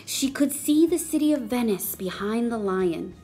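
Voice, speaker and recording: A woman reading a children's story aloud in a slow, expressive way. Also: on the high side, soft background music. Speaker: storybook reader.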